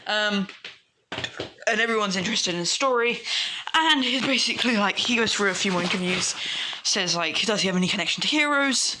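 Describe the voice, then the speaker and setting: A woman's voice: medium pitch, animated, brisk, background noise. A young woman casually improvising a fan story aloud, rambling with many fillers.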